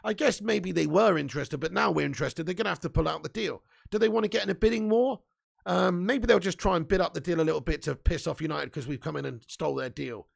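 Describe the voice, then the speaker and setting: A man's voice: a little high, fast talker, vocal fry. A man hosting a live football fan stream, chatting casually with viewers, reading their comments, laughing often and swearing freely. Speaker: football fan channel host.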